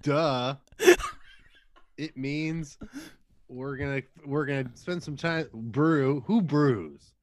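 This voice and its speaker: A man's voice: mid-range voice, slow pace, pauses often, no room sound. A man co-hosting a casual podcast, joking and addressing listeners with theatrical asides. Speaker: podcast co-host. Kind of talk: casual chat.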